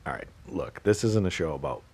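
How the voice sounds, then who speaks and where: A man hosting a solo podcast, rambling through joking, sarcastic rants that break into sudden loud outbursts. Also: low-pitched, expressive, moderate pace, husky. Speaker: podcast host.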